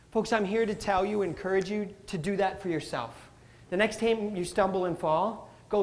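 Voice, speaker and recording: A man giving a live motivational talk, animated, calling the audience folks and acting out what people say. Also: high-pitched, normal speed, slight background noise. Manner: animated, addresses crowd as folks, acts out quotes. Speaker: motivational speaker.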